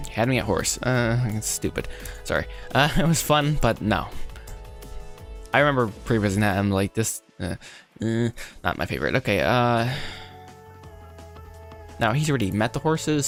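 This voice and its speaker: A man livestreaming as he rewrites his animated film script, thinking aloud in a rambling, self-deprecating way that easily goes off track. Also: mid-range voice, normal speed, faint music behind. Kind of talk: casual live-stream thinking aloud.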